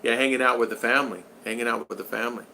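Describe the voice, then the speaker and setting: Bright-voiced man hosting a live chat. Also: medium pitch, fairly even intonation, rapid-fire, vocal fry, slight background noise. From United States. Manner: chatty, greets viewers by name, reads chat aloud. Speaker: vlogger hosting a live stream. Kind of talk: casual live-chat talk.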